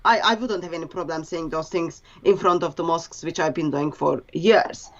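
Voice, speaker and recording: A woman being interviewed as a guest, speaking in a halting, earnest way with grammar slips. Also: low voice, dull audio.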